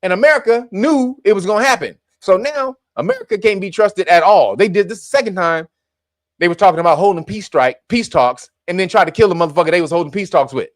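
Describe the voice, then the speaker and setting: A man's voice: high voice, quick pace, no room sound, clean studio sound. A man hosting a commentary show, talking bluntly and profanely, laughing often and mocking what he reads. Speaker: commentary podcast host.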